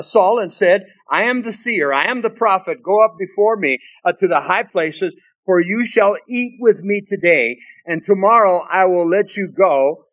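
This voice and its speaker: A man preaching a sermon, reading scripture aloud and musing on it in deliberate asides. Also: high-pitched, a bit bright. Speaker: pastor.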